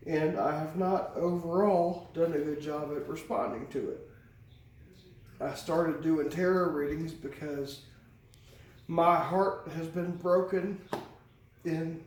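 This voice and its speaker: Man, tarot reader, candid rambling delivery, casual swearing, slightly high pitch, faint hiss. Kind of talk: casual tarot reading vlog. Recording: very echoey room, distant mic, faint hiss.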